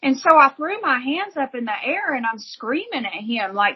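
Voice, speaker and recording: A woman's voice: sits high, sing-song, normal speed, few pauses, dull audio. A woman giving an earnest, emotional personal testimony as an interview guest, telling her story vividly.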